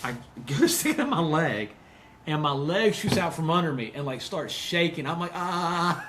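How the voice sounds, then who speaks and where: A man co-hosting a podcast, telling a story in a casual, animated way. He acts out quoted voices and laughs often. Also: on the high side, normal speed, a little hiss or hum. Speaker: podcast co-host.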